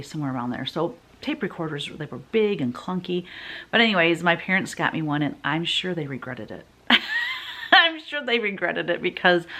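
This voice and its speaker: Chatty low-voiced woman in her fifties. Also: pushed and bright. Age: 50s. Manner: chatty and rambling, with many fillers and asides. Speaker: vlogger host. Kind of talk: casual storytelling to camera.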